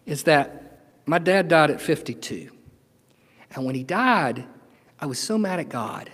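A middle-aged man preaching a sermon as pastor, earnest and emotional, swinging from loud declarations to hushed, tender moments. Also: medium pitch, lively intonation, normal speed, husky. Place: church sanctuary. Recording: long hall reverb.

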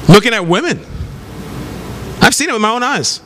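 A man preaching a sermon, telling lively stories with laughs and exclamations. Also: high voice, moderate pace. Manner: animated storytelling with laughs and exclamations. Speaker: pastor. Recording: long hall reverb, faint noise.

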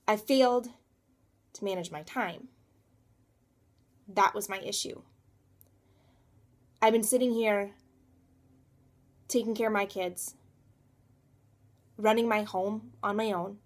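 A woman in her thirties talking through a personal motivational vlog, emphatic and repeating words for stress. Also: mid-range voice. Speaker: coach and realtor.

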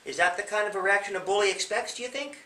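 Talking fast in a high, sharp voice, a man who works as a police officer counsels young people during an interview, with a little hiss or hum underneath. He asks questions and plays out examples as he explains. It's recorded in an echoey room with the mic at a distance.

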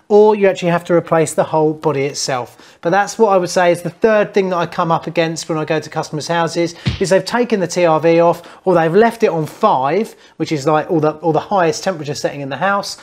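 A plumber who runs a how-to channel talks casually to camera about heating fixes, blunt, teasing, and jokey with his viewers. His medium-pitched voice is a little fast with a darkish tone.

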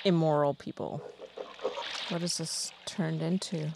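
A woman's voice: low-pitched, steady tone, unhurried, gravelly, very noisy. Exclaiming woman reacting to a movie. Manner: exclaiming, gasping, talking back at the screen. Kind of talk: first-time movie reaction commentary.

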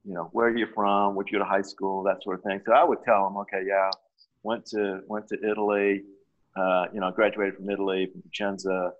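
A man's voice: fairly low pitch, level tone, a little fast. A man chatting as a podcast guest, telling easygoing anecdotes. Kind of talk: casual chat. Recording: dull lo-fi recording.

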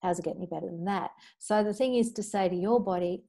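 This is a middle-aged woman leading a healing class, with a mellow, warm tone. She talks in an earnest, chatty way and shares personal stories. Every so often she rattles off a long recited clearing formula at speed. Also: medium pitch, fast talker, hardly any pauses. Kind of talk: spoken teaching talk with clearing statements.

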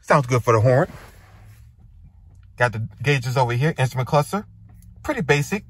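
With a breathy edge to his animated mid-range voice, a car reviewer talks at normal speed while examining a pickup on a dealership lot and inside it, naming features in short, casual remarks.

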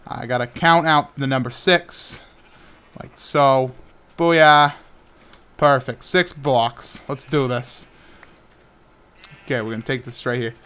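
A man's voice: medium pitch, fairly even intonation, takes it slowly, long pauses, pushed and bright, smooth. A tired young man, host of a gaming channel, rambling with many stammered restarts and playful sound effects while building in Minecraft. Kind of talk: casual talk while playing Minecraft.

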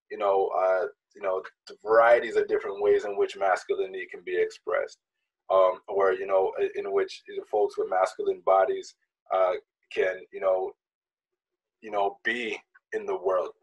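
Deep husky man, halting and thoughtful. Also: level tone, muffled recording. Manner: hesitant, many fillers and restarts. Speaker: panelist. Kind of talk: thoughtful discussion.

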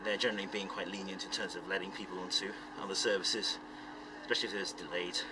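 A man hosting a casual travel vlog while riding a train, relaxed and chatty, often chuckling as he talks. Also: fast talker. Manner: chuckly, relaxed and chatty, reading lists with playful relish. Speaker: vlog host. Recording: loud wind and rumbling train noise.

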